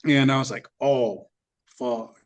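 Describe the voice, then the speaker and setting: A middle-aged man telling his business story in an interview, in a blunt, animated way with some swearing. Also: medium pitch, slow pace. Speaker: business owner guest.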